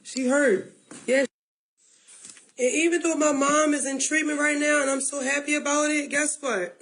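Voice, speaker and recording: Woman, very high voice, livestream talk, near tears, repeats her pleas. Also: steady tone, normal speed, a bit bright, rough recording. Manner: pleading, repetitive. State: close to tears.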